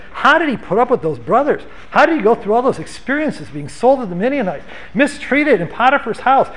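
A man's voice: sits high, poor audio. A man preaching a sermon as pastor, in an earnest, conversational way with rhetorical questions.

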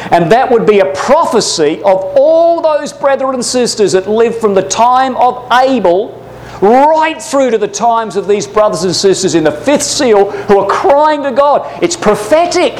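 Teaching a Bible class, a man preaches fervently in an extremely high-pitched voice captured on poor audio. He calls his listeners brothers and sisters and presses them with urgent rhetorical questions.

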